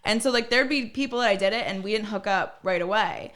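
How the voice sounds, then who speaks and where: Young woman, podcast guest, casual chat, blunt, profane, filler-heavy storytelling, mid-pitched voice. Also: quick pace, a bit bright.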